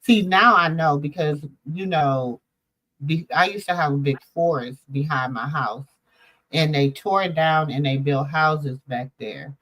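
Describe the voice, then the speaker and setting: A middle-aged woman hosts a relaxed conversation. She tells stories in a loose, meandering way and leans on plenty of fillers. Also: sits low, unhurried, poor audio. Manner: loose, rambling storytelling with lots of fillers. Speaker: host. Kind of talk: casual chat.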